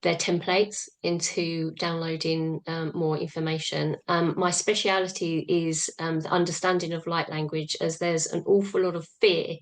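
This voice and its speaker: Low, flat-voiced woman. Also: moderate pace, few pauses. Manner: calm and even, with many fillers. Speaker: guest. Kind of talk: casual chat on a video call.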